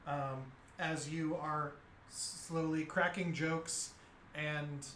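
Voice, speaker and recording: A man's voice: a little high, steady tone, a bit bright. Man narrating as dungeon master. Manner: halting narration with many fillers. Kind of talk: narrating a tabletop game. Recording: echoey room with faint noise.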